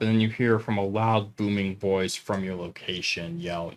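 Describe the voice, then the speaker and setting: Man running a tabletop game, lowish voice. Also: steady tone, a little hiss or hum. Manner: playful, quick asides and laughs. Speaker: game master.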